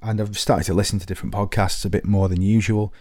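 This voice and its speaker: A man's voice: lowish voice, level tone, fast talker, darkish tone, no room sound, studio quality. A man hosting a podcast, talking to listeners in a rambling, self-deprecating comic monologue full of restarts. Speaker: podcast host.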